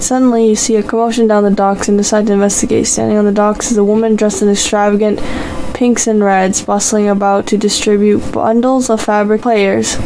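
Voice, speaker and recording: A woman gaming YouTuber reading game story text aloud in an even voice, now and then breaking off for playful comments. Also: a little high, noisy background. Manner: reads narration evenly, reacts with playful asides.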